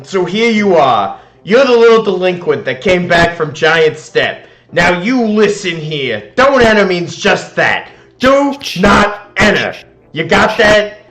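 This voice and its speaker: This is a bossy, self-important police chief with a video game flavour, put on by a man who is also playing the game, lecturing in a raised, high, loud voice and trailing off into mumbles. His pitch swings widely from line to line. Faint game music sits behind him. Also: very animated, slow pace, heavily acted. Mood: scolding. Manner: blustering, lecturing, mumbles "blah" filler. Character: stern pompous middle-aged male police chief.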